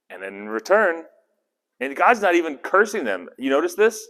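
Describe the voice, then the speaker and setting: A man's voice: fairly high pitch, very animated, moderate pace, fairly bright tone. A man teaching a casual Bible study in a conversational, rambling way, often correcting himself mid-sentence. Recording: long hall reverb.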